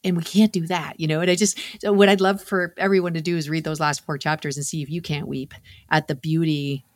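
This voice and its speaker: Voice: medium pitch, level tone, a little fast, no room sound, clean studio sound. A co-host in a casual faith discussion, talking earnestly and with passion, repeating phrases in building runs.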